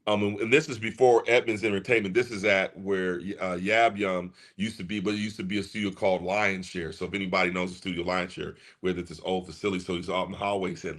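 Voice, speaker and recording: A man's voice: low-pitched, fast, few pauses. A man in his fifties, a music producer and guest, telling a story casually and acting out the voices of the people in it. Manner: animated, acts out quoted voices.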